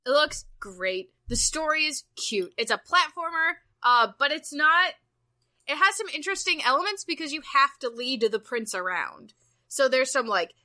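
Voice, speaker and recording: A young woman with a high, bright voice gushes through a casual podcast chat. She swoops up and down in pitch and breaks into excited squeals, and she swears freely as she goes. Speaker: podcast co-host.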